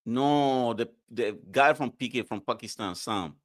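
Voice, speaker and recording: A man in casual podcast chat, telling a story with animated quoted dialogue and plenty of swearing. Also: medium pitch, a little slow.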